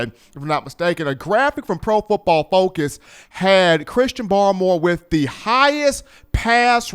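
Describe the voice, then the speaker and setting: A man hosting a sports talk show, talking in an animated, playful storytelling manner. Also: high voice, clear, resonant tone. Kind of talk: energetic sports talk commentary.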